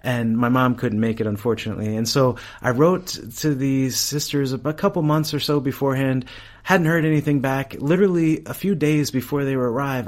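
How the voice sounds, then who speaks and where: Animated man telling a story, laughing. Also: medium pitch. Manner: animated, laughs often, many restarts. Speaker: priest and campus chaplain, guest. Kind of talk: casual storytelling in an interview.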